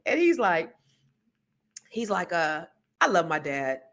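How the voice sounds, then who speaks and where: A woman hosting a podcast, talking in a casual, animated monologue full of asides and storytelling. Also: fairly low pitch, takes it slowly. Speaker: podcast host.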